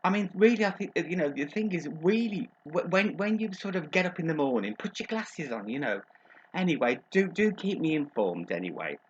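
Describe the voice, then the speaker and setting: In a comic advice-show monologue, a man plays a chatty, gossipy middle-aged female agony aunt from Birmingham who calls everyone darling and slips in innuendo. His voice is fairly high and sing-song, a little fast, with lo-fi sound and slight background noise.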